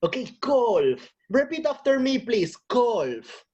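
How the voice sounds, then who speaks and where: A woman leads an English lesson for young children, her husky voice rising and falling in a lively, sing-song way. She speaks slowly and encouragingly, repeating words and slipping into Spanish. The recording sounds dull and lo-fi. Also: fairly high pitch. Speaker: English teacher. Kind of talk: online lesson for young learners.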